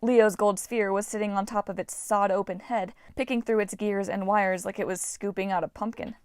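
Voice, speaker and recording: A woman reading a fantasy novel aloud as an audiobook narrator, voicing characters in a lively way. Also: a little fast, clear, resonant tone, no room sound. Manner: lively, voices characters with shouts. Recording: dry, low-quality home recording.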